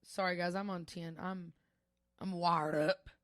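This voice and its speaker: Fairly low in pitch and measured in pace, her voice is recorded dry at studio quality. The young podcast co-host chats casually, spinning animated stories and laughing often.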